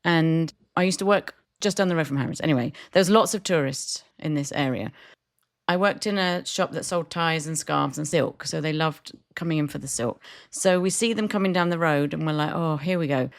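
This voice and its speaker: A woman's voice: deep voice, normal speed. A woman co-hosting a café podcast, telling stories in a casual chat and laughing often. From Britain. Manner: storytelling with frequent laughter. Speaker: podcast co-host.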